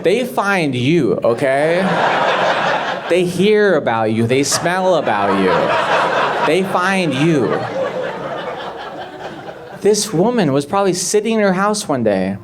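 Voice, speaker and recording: Man, stand-up comedian, high voice, mock-disgusted, deadpan asides, roaring crowd, noisy club. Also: takes it slowly, pauses often. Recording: loud audience laughter, noisy stage.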